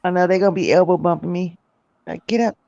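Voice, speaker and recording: A person chatting casually on a livestream, relaxed and chuckling between remarks. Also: medium pitch, quick pace, vocal fry, no room sound, dull audio. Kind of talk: casual chat.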